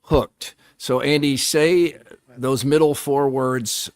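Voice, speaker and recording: A man's voice: mid-range voice, fairly even intonation, slow pace, no echo, clean studio sound. Joking male podcast co-host. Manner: joking, reads sponsor plugs. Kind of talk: casual sports chat.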